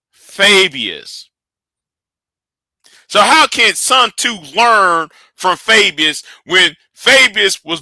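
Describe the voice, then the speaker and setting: A man's voice: sits high, pushed and bright, no echo. A man hosting a live stream, ranting and arguing, often stumbling and repeating his words as he restarts sentences.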